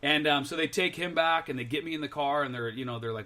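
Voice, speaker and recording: A man's voice: fairly high pitch, fast, bright, forceful tone. A young man, a podcast guest, in a casual chat telling a rambling story that he keeps correcting and laughing through.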